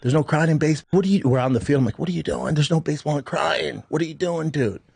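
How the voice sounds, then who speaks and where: A man in a played podcast clip telling a rambling, relaxed story about coaching his young sons. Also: fairly high pitch, fast, creaky, slightly rough, no room sound. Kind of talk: casual storytelling.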